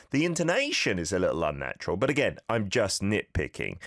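Lively low-voiced male language-coach host. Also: brisk, vocal fry, few pauses, no room sound, clean studio sound. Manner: upbeat, encouraging, playfully nitpicky. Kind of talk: radio-style language coaching of listener messages.

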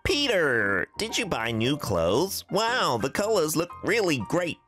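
A man's voice: fairly high pitch, huge pitch swings, slow pace, a bit bright, soft background music, voice pushed up, heavily acted. A man voicing a two-faced gossiping friend in a skit, with a put-on American accent, sweet to your face and snide behind your back. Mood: gushing. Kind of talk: scripted skit reading.

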